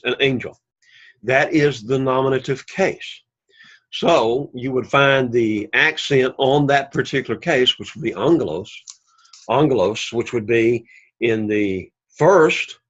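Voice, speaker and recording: A man's voice: medium pitch, fairly bright tone, lo-fi sound. A man teaching a Greek class, saying each word several times over and explaining where the accent falls. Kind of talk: recorded language lesson.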